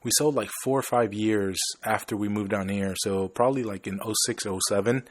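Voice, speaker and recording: A man's voice: lowish voice, steady tone, brisk. A man from Chicago hosting a podcast, talking in an easygoing, rambling way and telling stories casually. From Chicago, USA. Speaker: podcast host.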